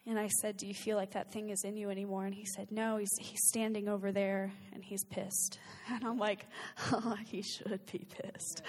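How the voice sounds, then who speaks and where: A woman's voice: medium pitch, long reverb tail. A woman earnestly telling a personal story in casual speech, with many fillers and bursts of laughter. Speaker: guest recounting a personal experience. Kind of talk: casual spoken testimony.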